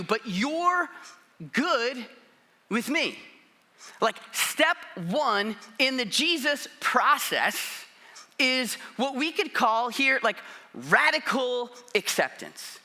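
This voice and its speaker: A man's voice: extremely high pitch, sharp tone. A man preaching a sermon in a casual, conversational way, often acting out quotes. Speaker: pastor.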